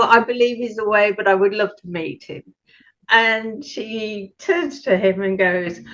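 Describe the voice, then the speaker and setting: A woman's voice: medium pitch, a little slow, fairly bright tone. A middle-aged woman from the United Kingdom answering an interviewer, telling her story animatedly and acting out the voices of the people in it. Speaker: guest. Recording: muffled, lo-fi audio.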